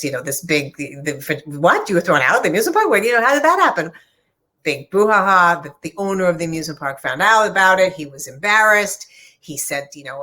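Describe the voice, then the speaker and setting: A woman's voice: on the low side, a bit bright. A middle-aged woman author earnestly telling a personal story in conversation, with many fillers and restarts. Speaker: author discussing her book.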